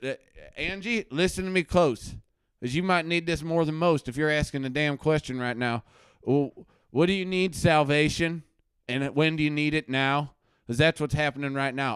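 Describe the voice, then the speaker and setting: A man playing a preachy, self-righteous male anti-drug crusader doctor on a comedy live stream from his basement, ranting between low mutters and loud outbursts. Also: clear, resonant tone, dry recording, studio quality, close to an everyday voice. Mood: sermonizing. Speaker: host. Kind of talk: satirical live-stream rant. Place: home basement.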